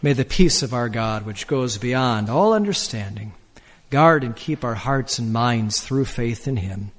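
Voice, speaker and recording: A man preaching a sermon as pastor, swinging between soaring emphasis and soft, slow lines. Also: long reverb tail. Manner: expressive preaching, soaring and dropping pitch. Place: church.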